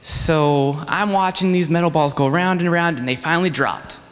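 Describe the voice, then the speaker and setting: Animated man telling a children's sermon. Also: fairly high pitch, normal speed. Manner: animated storyteller, acting out voices in the story. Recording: long reverb of a large hall.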